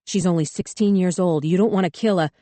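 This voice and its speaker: A woman voicing a calm, steady man who talks an armed girl down in an audiobook. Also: lowish voice, fairly quick, no room sound, natural voice. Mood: calm firm. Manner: calm, firm, soothing. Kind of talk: audiobook character voice.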